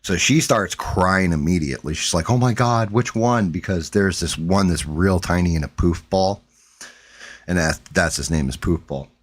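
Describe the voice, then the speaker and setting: A man with a very deep, low voice tells a long story on his stream. He rambles, swears freely and restarts his sentences often, like casual chat with his viewers. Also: normal speed. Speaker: stream host.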